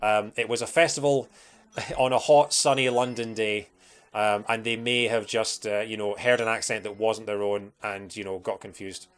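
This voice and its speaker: A man's voice: on the low side, flat delivery, normal speed, smooth. A young man with a Scottish accent, chatting casually and rambling with plenty of fillers while he streams a game. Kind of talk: casual livestream chat while playing.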